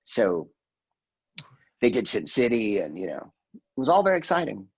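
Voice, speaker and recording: A man's voice: mid-range voice, very animated, normal speed, breathy edge, poor audio. A man in his sixties, a guest comedian, telling rambling, profane stories in casual podcast chat and slipping into quoted voices. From California, USA.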